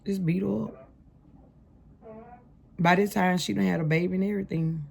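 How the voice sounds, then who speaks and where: Speaking directly to her viewers, a young woman with a low, gravelly voice shares her life story in casual slang, repeatedly calling them "y'all." Her intonation is fairly even, her pace moderate and her tone a little mellow.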